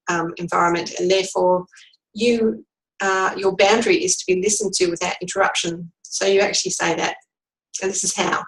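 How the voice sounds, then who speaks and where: Woman trainer, calm instructive delivery, middle pitch, recorded lesson. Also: low-quality recording. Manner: calm, instructive, acts out sample phrases. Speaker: workplace trainer. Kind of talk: recorded lecture.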